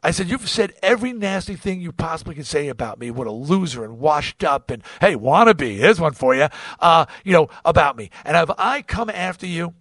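A man's voice: on the high side, fairly quick, few pauses, no echo, studio quality. A man hosting a podcast, telling a story in a casual monologue, acting out the dialogue and swearing freely. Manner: animated, acts out quoted dialogue, swears freely. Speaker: podcast host.

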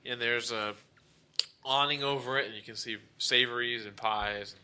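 A man's voice: mid-range voice, fairly even intonation, normal speed, pushed and bright, clear, resonant tone. A man narrating a tabletop game as game master, describing scenes and laughing often.

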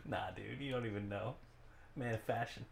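A man's voice: on the low side, moderate pace, vocal fry, reverberant, slight background noise. A man joking sarcastically while gaming with friends. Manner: sarcastic, wry. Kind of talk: casual gaming banter.

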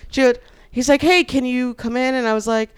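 A woman's voice: high-pitched, a little fast, smooth. A woman guest on a podcast, telling a long personal story in casual chat and acting out the other people in it. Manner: animated, acts out the people in her story.

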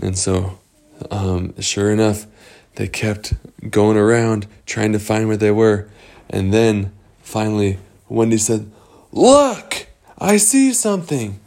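Man improvising a children's story, halting and rambling, gravelly voice. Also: fairly low pitch, little pitch movement, dark tone.

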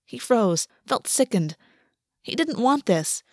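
A woman narrating a work of fiction in an audiobook reading, measured and slowing on the emotional beats. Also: fairly high pitch, very animated, dry recording, studio quality.

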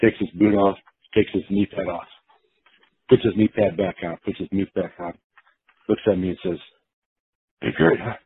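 A man's voice: low voice, steady tone, moderate pace, long pauses, slightly rough. A man casually telling a long story, acting out the quotes of the people in it, with many restarts. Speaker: guest storyteller. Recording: tinny phone-like line.

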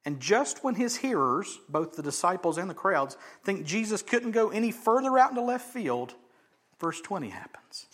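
A male pastor preaching a sermon, swinging from loud emphasis to hushed near-whispers and acting out the voices in his text. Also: high-pitched, very animated, normal speed, slightly rough. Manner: acts out quoted voices of crowds and Jesus.

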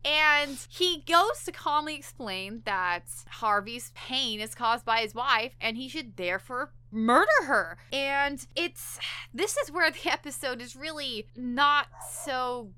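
Woman podcast co-host, bright and higher voice, animated chat, dry close mic. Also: takes it slowly, clear, resonant tone, dry recording. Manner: animated, acts out characters' lines in quotes. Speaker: podcast co-host recapping an episode. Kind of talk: casual chat.

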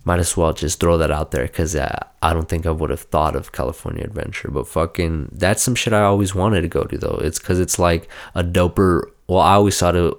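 Man, very low voice, young adult, podcast host, rambling, profane, self-mocking. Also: fairly even intonation, fairly quick, hardly any pauses. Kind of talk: casual chat, reading aloud from a phone.

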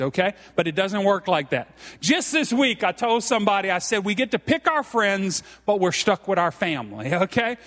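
Man, middle-aged, pastor, folksy sermon, high voice, long hall reverb. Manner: folksy, peppers lines with "okay?" and "guys". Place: church sanctuary.

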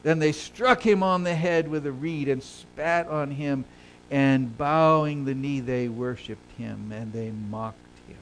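A male pastor preaching a sermon, swelling loud and high on key phrases and then sinking low and quiet. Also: fairly even intonation, measured pace, a little hiss or hum, poor audio. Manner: preaches with big swells in pitch and volume, then drops low.

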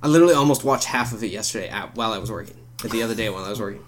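A man co-hosting a podcast in casual chat, animated, swearing and laughing often. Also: lowish voice, very fast, noisy background. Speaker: podcast co-host.

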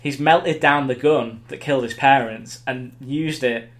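A man, co-hosting a podcast in casual chat, reacting with quick enthusiasm. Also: mid-range voice, a bit bright. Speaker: podcast co-host.

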